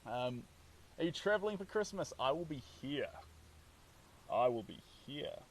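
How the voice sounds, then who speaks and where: A man's voice: on the high side, animated, a little slow, far from the mic, slight background noise, poor audio. A man with a New Zealand accent chatting upbeat and casually while painting on a live stream, reading out viewer comments.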